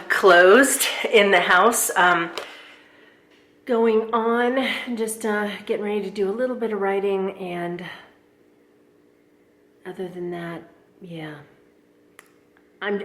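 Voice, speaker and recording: A woman's voice: medium pitch, a bit bright, reverberant. A woman vlogger chatting casually to her viewers, rambling with lots of fillers and restarts. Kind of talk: casual chat to camera.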